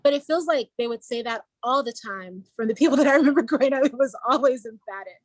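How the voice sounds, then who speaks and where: Curious female learner, slightly high voice, dry call audio. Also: fast talker, dry recording. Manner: curious, asks questions. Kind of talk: online language lesson. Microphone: video call.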